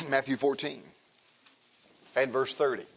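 A man preaching a sermon in an emphatic, animated way, calling out to the congregation. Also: medium pitch, unhurried, creaky, muffled recording, slight background noise.

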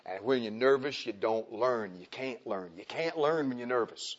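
Folksy preacher man, lo-fi. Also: moderate pace. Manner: folksy, animated, acts out quoted people in high voices. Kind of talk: sermon. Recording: dull lo-fi recording.

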